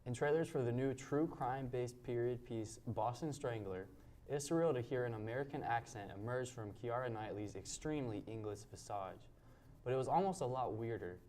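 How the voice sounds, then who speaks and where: A man anchors a news show, reading out headlines and announcements. He speaks at a middle pitch, in a plain read-aloud manner. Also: moderate pace, dark tone, slight background noise.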